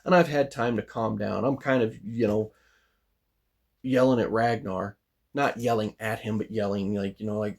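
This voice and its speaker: A man's voice: normal speed, pauses often, darkish tone. Rambling man telling a story. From United States. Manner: rambling, full of "you know" and "like", with restarts; pitch jumps up when he gets worked up. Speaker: vlogger. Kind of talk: casual spoken storytelling.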